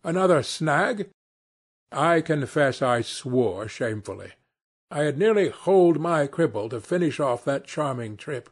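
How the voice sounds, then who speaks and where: A male audiobook narrator whose voice sits in the middle of the range and has a husky grain. He tells the story in an even, measured way, with expressive touches. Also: medium pitch.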